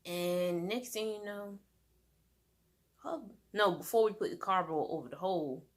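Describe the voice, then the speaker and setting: A woman's voice: fairly low pitch, unhurried. Chatty woman rambling through a story. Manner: rambling, animated, many fillers and restarts. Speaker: vlogger. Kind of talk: casual storytime monologue.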